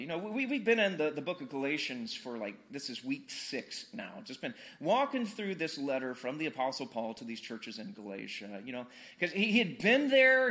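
A man's voice: on the high side, fairly bright tone. A man preaching a casual, conversational sermon, joking with the congregation and repeating words for emphasis. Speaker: pastor.

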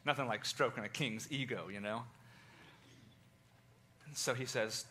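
A man telling a Bible story in first person with theatrical, animated delivery, addressing listeners directly. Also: medium pitch, measured pace, pauses often.

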